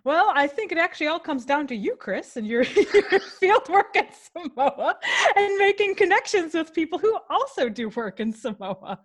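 A woman's voice: high-pitched, sing-song, fairly quick, hardly any pauses. A woman co-hosting a podcast, a lecturer chatting casually and laughing easily. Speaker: podcast co-host, university lecturer.

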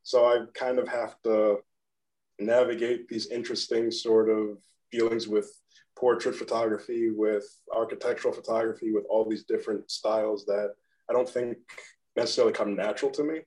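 A man with a monotone voice, a guest photographer in a casual interview, self-deprecating and rambling, laughing now and then. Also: fairly low pitch, moderate pace, low-quality recording. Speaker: guest photographer and graphic designer.

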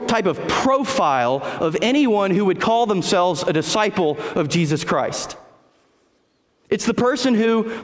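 Male pastor with a high voice, earnest emphatic sermon delivery, long echo of a church hall. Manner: earnest preaching with slow, emphatic repetitions. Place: church sanctuary.

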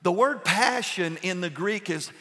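A man preaching a sermon to his church, firing rhetorical questions and swinging between loud and hushed delivery. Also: high-pitched, measured pace, big-room sound. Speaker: pastor. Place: church sanctuary.

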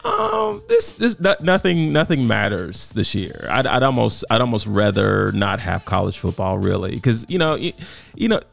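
A man co-hosting a podcast in casual chat, emphatic and quick to laugh. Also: fairly low pitch, gravelly, soft background music. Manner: animated, emphatic, laughs often. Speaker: podcast co-host.

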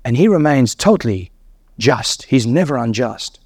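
A man's voice: medium pitch, animated, moderate pace, darkish tone, husky, no room sound, studio quality. A man preaching a sermon, emphatic and repetitive, voice climbing sharply on key words.

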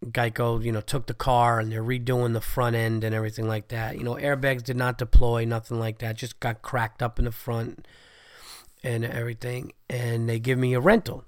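A cold doesn't stop this thirtysomething podcast host from a swearing, excited, wandering monologue. His medium-pitched delivery is flat and evenly paced, and the studio recording is dry and clean.

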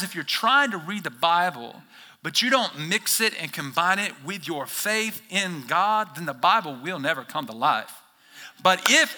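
A male pastor preaching an energetic sermon in church, swinging from quiet explanation to shouted bursts as he acts out listeners' reactions. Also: fairly high pitch.

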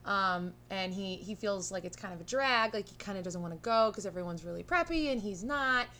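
A woman's voice: medium pitch, expressive, fairly quick, bright, forceful tone, slight background noise. A woman co-hosting a casual film review podcast, playful and jokey with frequent giggles. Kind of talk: casual chat.

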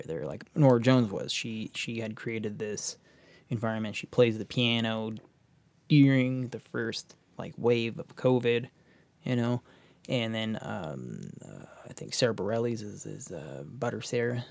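Gravelly man chatting loosely. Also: fairly low pitch, expressive, measured pace, darkish tone, dry recording. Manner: loose, filler-heavy talk. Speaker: podcast co-host. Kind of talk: casual chat.

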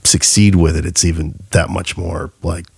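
A man's voice: low voice, little pitch movement, normal speed, creaky, breathy edge, no echo. A man guesting as a cinematographer on a podcast in a studio, talking in an earnest, agreeable way and laughing often. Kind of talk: casual podcast conversation.

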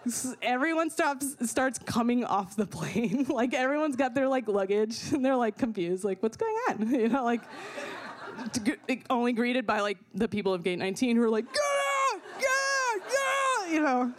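A young woman telling a personal story in an animated way, full of fillers and swearing, often laughing as she talks. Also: fairly high pitch, normal speed. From not from America.

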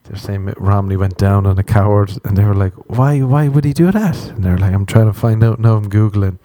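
A man's voice: lowish voice, flat delivery, fairly quick, dark tone, no room sound. A young Irish man hosting a solo comic podcast, rambling and swearing freely and laughing at his own jokes. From Ireland. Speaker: podcast host.

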